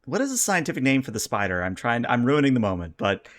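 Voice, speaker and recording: A man's voice: medium pitch, very animated, fast talker, a bit bright. A man running a tabletop role-playing game as game master, calling rolls and stumbling over words.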